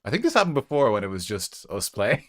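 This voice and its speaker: Man, tabletop player, jokey banter, lowish voice. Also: wildly swooping pitch, brisk. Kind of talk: casual chat at a tabletop game.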